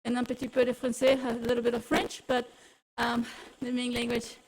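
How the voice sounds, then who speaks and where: A woman's voice: fairly high pitch, monotone, a little fast, rough recording. Breathless woman coaching a cycling class. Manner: encouraging, cueing riders through intervals. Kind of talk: coaching a live workout class.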